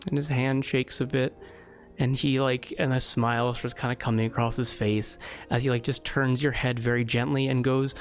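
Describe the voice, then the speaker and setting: A man's voice: mid-range voice, flat delivery, moderate pace, soft background music. A man narrating as game master in a tabletop game, casual and loose, with many fillers.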